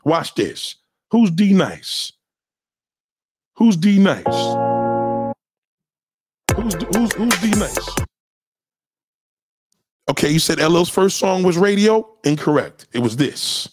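Middle-aged New York streamer: brash, profane, challenging, voice sits high and swings wildly, dry close sound. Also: male voice, big pitch swings, a little slow, long pauses, husky, dry recording, faint music behind. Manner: loud, profane, boastful, challenging. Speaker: live streamer playing records for chat. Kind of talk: hyped trash talk over music.

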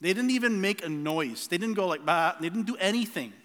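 Male preacher, high bright voice, earnest, halting restarts, long hall reverb. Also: animated. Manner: earnest, personal storytelling with many restarts. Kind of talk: sermon.

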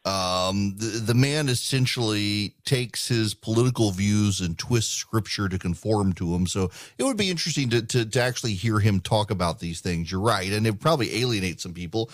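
A man's voice: on the low side, lively intonation, normal speed, hardly any pauses, no room sound, studio quality. A man hosting a political talk radio show, speaking emphatically and often repeating words as he starts a sentence. He grew up in the United Arab Emirates.

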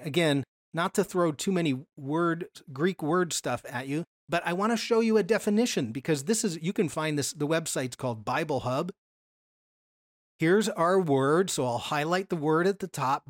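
A Bible study teacher giving a casual lesson from slides, asking questions and answering them, and slowing down to stress key words. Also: mid-range voice, no echo, studio quality. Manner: explains patiently, often asks questions and then answers them.

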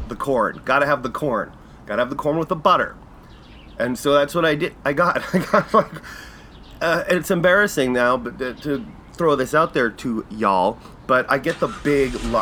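A Canadian man hosting a podcast, telling a casual story with laughs and acting out quotes in jumpy high voices. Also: fairly bright tone, a little hiss or hum. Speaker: podcast host.

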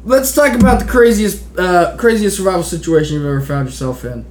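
A man's voice: high voice, a little fast, darkish tone, echoey room, slight background noise. A man interviewing in a casual comedic chat, rambling and stumbling over his words. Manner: rambling, stumbling, laughs often. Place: room in Oregon.

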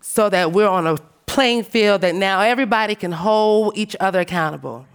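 A woman speaking on a panel, telling animated, emphatic stories in a frank, profane way and calling her listeners "baby". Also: medium pitch, normal speed, clean tone. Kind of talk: panel discussion talk.

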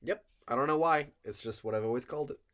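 A man co-hosting a podcast, teasing in a dry, deadpan way. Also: mid-range voice, fast talker. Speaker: podcast co-host. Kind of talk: casual podcast banter.

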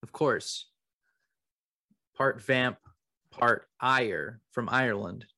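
A young man hosts a comedy podcast in a flat, mock-serious tone, stating ridiculous things as if they were plain fact. His voice sits at an ordinary, middling pitch for a man. He keeps a casual, conversational rhythm. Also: extremely slow, no echo, studio quality. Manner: deadpan, mock-serious absurd riffing. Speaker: podcast co-host. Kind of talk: improvised comedy podcast chat.

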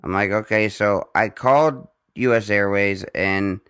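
Bright-voiced rambling man telling a story. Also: fairly low pitch, unhurried, smooth. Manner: rambling storyteller with many restarts, profane. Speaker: podcast host. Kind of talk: casual chat.

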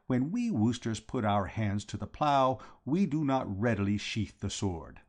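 A man reading a comic novel aloud as an audiobook narrator, with expressive character narration. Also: medium pitch, unhurried. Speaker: audiobook reader.

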